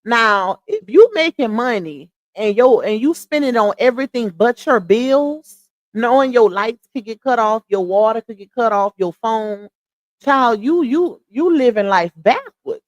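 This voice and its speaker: A woman's voice: on the high side, expressive, unhurried, no echo. A woman hosting a casual livestream, chatting straight to her viewers and laughing often. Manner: laughs often while talking. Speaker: livestream host.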